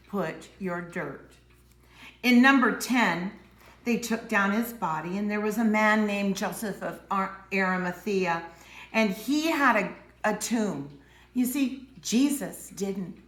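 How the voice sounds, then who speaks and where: A woman teaching preschoolers, telling a Bible story with dramatic voices and hushed moments. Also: medium pitch, roomy sound. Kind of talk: Bible story lesson for young children.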